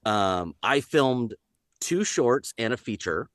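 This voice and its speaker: A man's voice: mid-range voice, slow pace, dry recording, clean studio sound. A man, a voice actor, talking casually on a podcast and breaking into voices. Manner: animated, jumps into voices.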